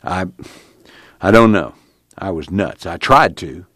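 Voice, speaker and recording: A man's voice: deep voice, lively intonation, takes it slowly, fairly bright tone, no echo, clean studio sound, full character voice. A man voicing a battered, weary young farm worker who talks in a drawling rural dialect, his voice straining with grief. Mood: shaken.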